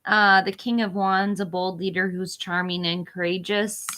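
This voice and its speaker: A woman's voice: medium pitch, little pitch movement, normal speed, bright, forceful tone, slight background noise. A woman in her forties doing a live-stream tarot reading, listing card meanings in short phrases while losing her voice. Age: 40s. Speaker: tarot reader.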